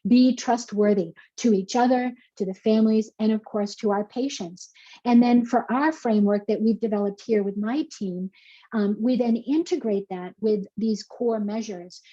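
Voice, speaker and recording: A woman's voice: medium pitch, moderate pace, dark tone, muffled recording. A woman presenting a conference talk from slides, earnest and conversational, with frequent fillers and restarts. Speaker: conference speaker.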